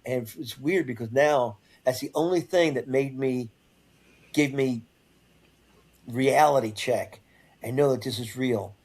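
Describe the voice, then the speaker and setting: An older man, a guest on an interview show, telling a first-person story in a halting way, repeating and restarting words. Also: medium pitch, a little mellow, breathy edge.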